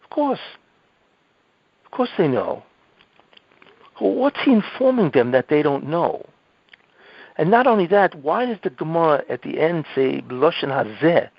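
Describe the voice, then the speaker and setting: Husky-voiced rabbi with lively rhetorical questions. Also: male voice, a little high, unhurried, long pauses, no room sound. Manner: questioning, rhetorical, repeats "you see?". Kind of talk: Torah lecture. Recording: dull lo-fi audio.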